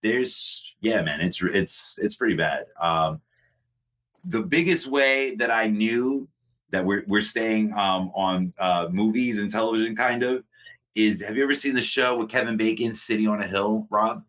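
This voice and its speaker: A man's voice: fairly low pitch, unhurried. A man co-hosting a podcast, rambling through casual chat with restarts and frequent laughs. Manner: rambling, animated, laughs often. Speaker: podcast co-host.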